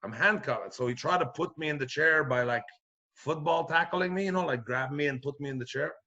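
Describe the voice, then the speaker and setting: A middle-aged man from Quebec, a comedian telling a rowdy story in casual chat, profane and animated, acting out the voices of the people in it. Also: fairly high pitch, fairly quick, highs cut off. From Quebec, Canada. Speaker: comedian guest.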